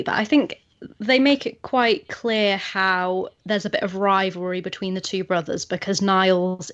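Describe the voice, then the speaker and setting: A chatty woman hosts a podcast, her voice sitting low and talking with thoughtful enthusiasm. The sound is dull and very dry. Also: no room sound. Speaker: podcast host. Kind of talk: casual chat.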